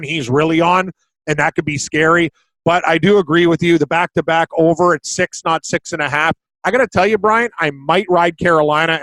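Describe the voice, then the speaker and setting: A man co-hosting a sports betting podcast, talking in a blunt, excitable, casual way and swearing now and then. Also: on the high side, no room sound, low-quality recording. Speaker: podcast co-host, betting analyst.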